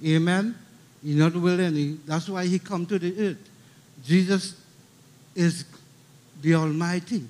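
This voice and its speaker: A man's voice: high voice, fairly even intonation, a little slow, pauses often, darkish tone. A middle-aged man with a Trinidadian accent preaching a funeral sermon, emphatic and repeating key lines, calling out for amens.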